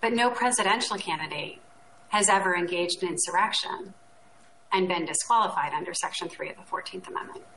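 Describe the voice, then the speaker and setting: A woman official giving a careful, measured public statement. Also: lowish voice, fairly bright tone, reverberant, slight background noise, poor audio.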